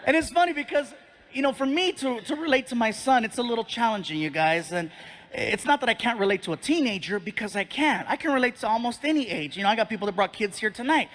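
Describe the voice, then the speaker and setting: A middle-aged male comedian on stage telling an animated story to a live audience, slipping into characters' voices. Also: extremely high pitch, fast. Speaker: stand-up comedian.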